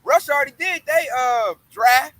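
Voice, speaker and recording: A man reading Bible verses aloud and commenting on them in casual slang, joking and doing quick voices. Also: extremely high pitch, sharp tone, dry recording, poor audio. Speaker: bible study teacher. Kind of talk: informal scripture study and commentary.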